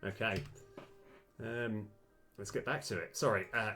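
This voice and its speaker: Excitable low-voiced man streaming a game. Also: slow pace, faint music behind. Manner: thinking aloud, many fillers, bursts of excitement. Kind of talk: live-stream commentary while playing and mapping a game.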